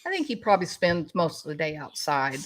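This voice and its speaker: A woman's voice: sits low, sing-song, brisk. A middle-aged woman hosting a casual livestream, chatting with her viewers and talking to her dogs. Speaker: YouTube news commentary host.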